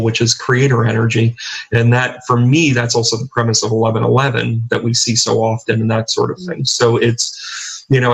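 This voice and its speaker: A middle-aged man speaks at an ordinary pitch, chatting as a guest on a talk show. He rambles through his stories, stopping and restarting often with fillers. His delivery is relaxed and conversational. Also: breathy edge, poor audio. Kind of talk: casual interview talk.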